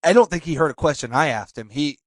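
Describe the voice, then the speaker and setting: A man hosting a casual comedy podcast, speaking earnestly in halting starts and restarts. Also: fairly high pitch, animated, no room sound. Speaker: podcast host.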